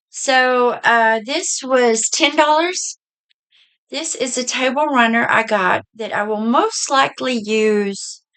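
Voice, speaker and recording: A middle-aged woman with a Southern US accent, a bit hoarse, chatting in a folksy way through a casual haul video. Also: medium pitch, a bit bright. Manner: chatty, folksy, says y'all. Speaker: vlogger.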